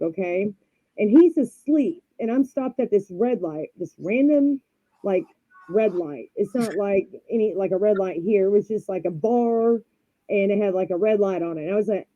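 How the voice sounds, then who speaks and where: A woman's voice: mid-range voice, no echo. Woman rambling through a story on a live podcast, dry muffled sound, puts on voices for the quotes. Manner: rambling, animated, acts out quotes. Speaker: podcast guest. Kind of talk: casual storytelling.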